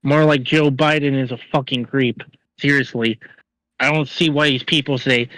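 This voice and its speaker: A man's voice: medium pitch, fairly even intonation, a bit bright, no echo, low-quality recording. A man co-hosting a livestream, delivering an angry, profane political rant. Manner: angry, profane, rapid ranting. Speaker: co-host.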